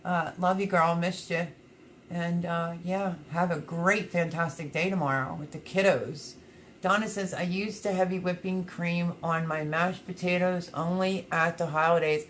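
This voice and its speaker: A woman with a slightly low voice hosts a relaxed livestream, reading viewer comments aloud as they come in. She rambles in a chatty, upbeat, unhurried way, with a little background noise audible.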